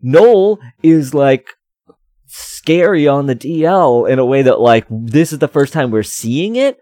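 A man's voice: a little high, expressive, a little slow, mellow, no echo, studio quality. A man co-hosting a casual podcast chat, rambling with many fillers and restarts. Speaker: podcast co-host.

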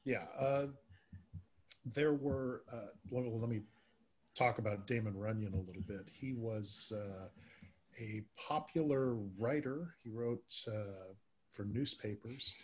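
Husky man chatting with many fillers. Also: on the low side. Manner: halting, with many filler words. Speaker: podcast host. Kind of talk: casual chat about old-time radio.

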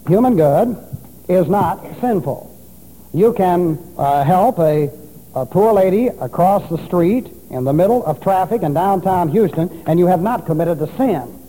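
A man's voice: sits high, expressive, unhurried, mellow. A man preaching an expository sermon, spelling out Greek words letter by letter and teaching with emphasis. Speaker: pastor. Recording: long reverb of a large hall.

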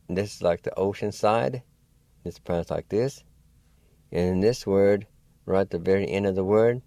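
A man teaches vocabulary over the radio, spelling each word out letter by letter at a very slow, patient pace. His voice sits low and mellow, and he encourages listeners in a folksy manner. The studio sound is dry and close. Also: dry recording. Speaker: radio host and language teacher. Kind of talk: radio language lesson.

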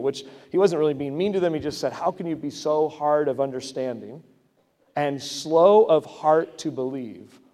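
A man preaching a sermon in a conversational way, breaking into loud emphatic bursts. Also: on the high side. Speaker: pastor. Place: church sanctuary. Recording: long hall reverb.

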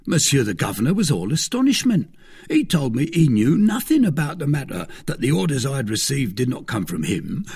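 A man reading a storybook aloud, voicing a fretful, grovelling middle-aged innkeeper who talks in an excited rush. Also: mid-range voice, vocal fry, breathy edge, full character voice.

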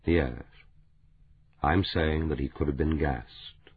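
A man doing a quiet, measured older male academic. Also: extremely low pitch, slightly rough, dry recording, pitched below the performer's own voice, full character voice. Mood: quiet, calm. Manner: quiet, calm and deliberate. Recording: narrow phone-like audiobook sound.

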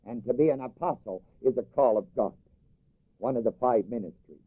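A slightly rough, mid-range voice at normal pace belongs to a man preaching. He reads old King James scripture, explains it to the congregation, leans on repetition for emphasis, and invites them to finish his lines. The recording is dry, like a phone.

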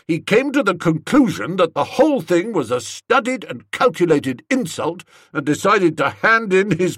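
Brief: male reader doing an irate bossy aunt, loud blustering tirades, husky, pitch swinging wide. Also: dry recording, studio quality, full character voice. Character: irate, bossy middle-aged aunt, woman.

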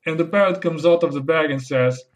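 A man acting in a comedy sketch, talking about family life in chirpy corporate jargon and telling a joke with lively put-on voices. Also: fairly high pitch, brisk. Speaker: sketch actor playing a corporate-speak husband.

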